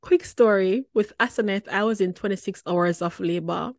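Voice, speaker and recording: A woman, hosting a wellness show and telling a personal story in a lively, chatty way with frequent laughter. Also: medium pitch, moderate pace, dry recording, studio quality. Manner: lively, chatty, laughs often, repeats words for emphasis.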